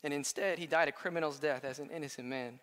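A male pastor preaching a sermon, animated, swinging between quiet asides and loud declarations. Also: on the high side, fast. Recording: long hall reverb.

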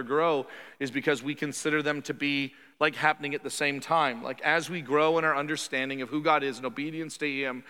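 A man preaching a conversational sermon as pastor, animated and quick to act out quoted voices. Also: mid-range voice, clear, resonant tone, big-room sound. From Canada.

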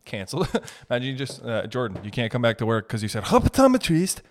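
A man's voice: mid-range voice, quick pace, slight background noise. A young man hosting a solo comedy podcast, talking in a rambling, profane, argumentative way. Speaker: podcast host.

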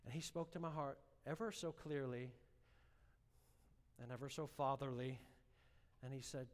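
A man's voice: medium pitch, steady tone, normal speed, long pauses. Impassioned preacher man in a reverberant hall. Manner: emotional storytelling, rising to impassioned shouting. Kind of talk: sermon.

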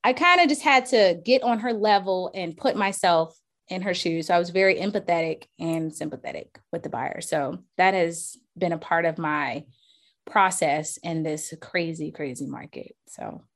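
Animated woman telling stories, realtor guest. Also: fairly low pitch, normal speed. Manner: animated storyteller, acts out quotes, laughs often. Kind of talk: casual interview chat.

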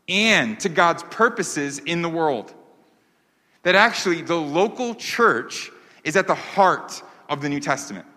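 A pastor with a high, bright voice and forceful tone preaches a sermon earnestly and emphatically, repeating key phrases for weight. The recording carries a long hall reverb.

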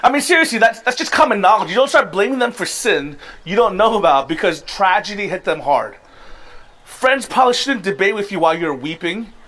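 This pastor preaches to his congregation during a church service in a high-pitched, slightly bright voice, brisk and animated. He keeps it conversational and emphatic, now and then laughing at himself.

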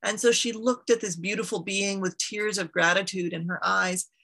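A woman telling an old myth aloud, unhurried, dropping casual asides to her listeners. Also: medium pitch, fairly even intonation, creaky, fairly bright tone, rough recording. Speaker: storyteller.

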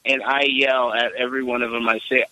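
Dude calling in, super bright sharp voice, swears a lot, dry close sound. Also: male voice, mid-range voice, brisk, dry recording, highs cut off. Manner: animated storyteller, swears freely. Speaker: caller. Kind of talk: casual podcast chat.

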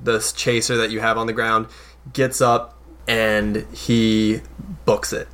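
A man's voice: on the low side, takes it slowly, smooth. Laid-back male game master. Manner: relaxed, hesitant narration with fillers. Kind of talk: narrating a tabletop game.

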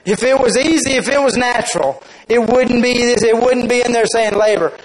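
A man's voice: very high voice, normal speed, low-quality recording. A man preaching a sermon as a pastor, emphatic and storytelling.

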